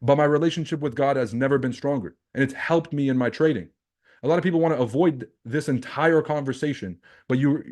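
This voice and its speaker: A man from Lebanon coaching viewers on a livestream. He talks bluntly and animatedly, swears freely and keeps firing rhetorical questions at the audience. His voice sits at an ordinary middle pitch. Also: a little mellow. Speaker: trading coach and livestream host.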